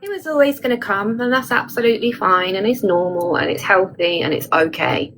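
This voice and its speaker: Gravelly-voiced woman, reassuring friend. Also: medium pitch, fairly quick, poor audio. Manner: warm, reassuring, chatty and frank. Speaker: supportive friend. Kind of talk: casual chat. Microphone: phone.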